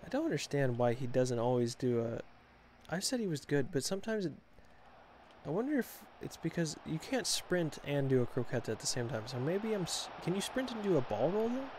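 A young man giving casual, chatty commentary while playing a football video game, talking to himself with quick exclamations. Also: fairly high pitch, big pitch swings, a little mellow, a little hiss or hum. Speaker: gaming channel host.

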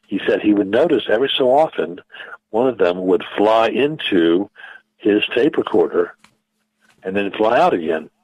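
A man, a physicist guest on a radio interview, explaining in a measured, halting way with many fillers and restarts. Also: lowish voice, animated, husky, no echo, dull audio.

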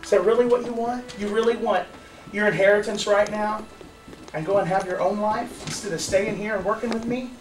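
A gentle old farmer dad, as a man puts him on, quiet and patient, heard from far off in an echoey room. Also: high-pitched, steady tone, a little fast, lightly acted. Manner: gentle, soft, pleading.

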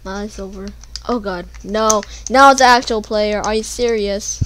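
A young woman giving casual gameplay commentary, panicking and pleading, then yelling at the game. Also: mid-range voice, normal speed. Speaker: gamer.

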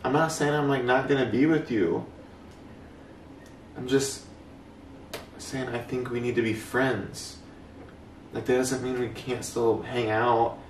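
A young man talking softly and hesitantly to his girlfriend in a casual couple vlog. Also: medium pitch, steady tone, takes it slowly, pauses often, recorded from a distance, a little hiss or hum. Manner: soft, gentle and hesitant. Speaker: vlogger pranking his girlfriend. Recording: echoey room, voice off-mic, music behind.

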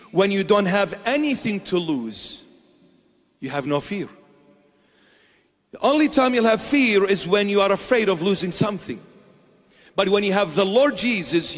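A man's voice: on the high side, in a large hall. A man preaching a sermon as a bishop, emphatic, firing off repeated rhetorical questions.

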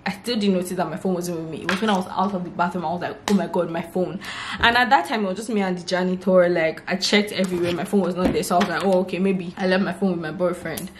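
Brief: young Nigerian woman vlogger, low voice, lively chatty storytelling, echoey room. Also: quick pace, few pauses. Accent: Nigerian English. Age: 20s. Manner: lively retelling, acting out what people said. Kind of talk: casual storytelling vlog. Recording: roomy echo, faint background hiss.

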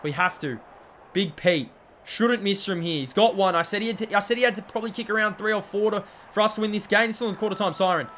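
A young man with a high voice calls his football video game like a live match, swinging from quick chatter to sudden shouts at his players. He talks to himself through each play. A faint stadium crowd from the game hums behind him. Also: slight background noise. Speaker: gaming channel host. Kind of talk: let's-play commentary.

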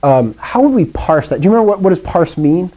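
A man's voice: sits high, big pitch swings, fast talker, dark tone. A man teaching a classroom lesson, first reciting drills, then explaining with fillers and questions to the students.

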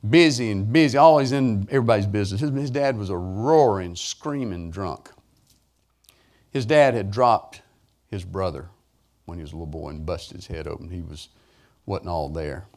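Preacher guy spinning a folksy story, voice jumps up loud then drops low. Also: moderate pace. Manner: animated, folksy storytelling with sudden rises in pitch and volume. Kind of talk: sermon storytelling.

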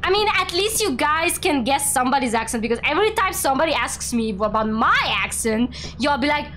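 A young woman hosting a casual game stream, playful and teasing, quick to exclaim. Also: high voice, animated, fairly bright tone, a little hiss or hum. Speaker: streamer and VTuber host.

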